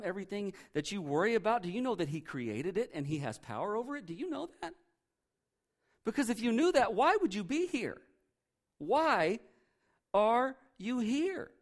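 A man voicing condescending angels who mock and question humans in disbelief. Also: high voice. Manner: mocking, incredulous questions.

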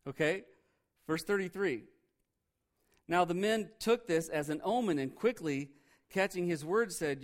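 A pastor teaching through a Bible passage in a conversational sermon, joking and animated with sarcastic asides. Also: male voice, fairly high pitch, moderate pace.

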